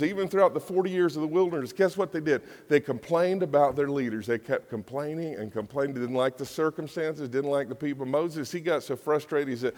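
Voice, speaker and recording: A man's voice: fairly high pitch, fairly quick, few pauses, a little mellow. Man preaching in an echoey hall. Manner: conversational, jokey, acts out quotes in voices. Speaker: pastor. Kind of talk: sermon. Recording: long hall reverb.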